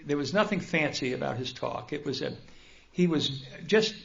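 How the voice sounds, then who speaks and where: At normal speed, an older man with a gravelly, rather high voice recounts his life story to a large meeting hall at a recovery convention. He's animated and pokes fun at himself, while the room's dull acoustics echo around him.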